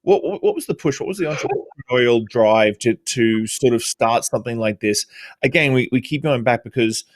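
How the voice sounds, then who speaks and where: A man's voice: medium pitch, animated, normal speed, no echo. A man hosting a live-streamed podcast over a video call, asking long, casual, rambling questions. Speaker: podcast host.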